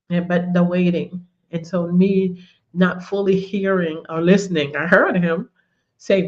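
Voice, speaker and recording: A woman's voice: lowish voice, moderate pace, darkish tone, muffled recording. A woman giving a conversational faith teaching, telling personal stories, repeating words and often saying "you know". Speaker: women's ministry teacher.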